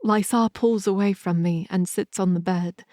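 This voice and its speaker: A woman narrating a romance audiobook in the first person, in a measured, intimate storytelling manner on a close mic. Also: mid-range voice, fairly even intonation, mellow, no room sound.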